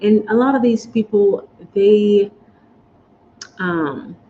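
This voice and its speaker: A woman's voice: mid-range voice, slow pace. A woman vlogger from the United States talking in a casual, chatty, emotional way, often saying y'all and guys. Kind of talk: casual chat. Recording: dull lo-fi sound with faint noise.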